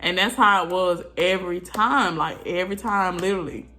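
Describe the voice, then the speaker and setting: A woman vlogger casually telling her birth story to viewers, animated and chatty, with frequent asides to the audience. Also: fairly low pitch, normal speed.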